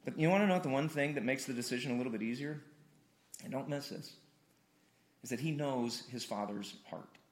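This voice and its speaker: A man's voice: medium pitch, fairly quick. A male pastor from Missouri, preaching a conversational sermon in a church and repeating words as he builds emphasis. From Missouri, USA. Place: church hall, streamed online.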